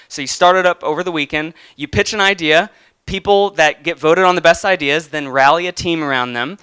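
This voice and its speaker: A man's voice: on the high side, sharp tone, clear, resonant tone, no echo, studio quality. A young man giving an earnest motivational talk and telling a personal story, with some restarts. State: getting emotional. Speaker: motivational speaker.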